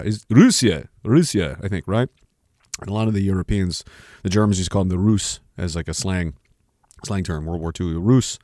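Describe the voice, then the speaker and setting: A man's voice: on the low side, very animated, normal speed, dry recording, studio quality. A man hosting a livestream at home, chatting loosely, swearing often and breaking off mid-sentence as he reads the chat. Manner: rambling, swearing, self-interrupting. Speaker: livestream host reading chat. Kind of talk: casual rambling livestream talk.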